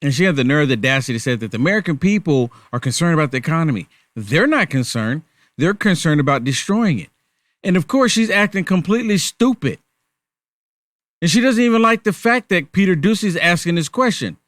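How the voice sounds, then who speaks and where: A man's voice: a little high, animated, brisk, a bit bright, no echo, studio quality. A male host giving sarcastic political commentary, firing off rhetorical questions.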